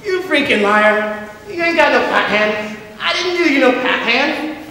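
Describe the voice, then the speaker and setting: A young man voicing a twelve-year-old boy who jeers and cackles in a shrill falsetto, performed live in an echoey hall. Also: lively intonation, a little slow, sharp tone, distant mic, heavily acted. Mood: indignant.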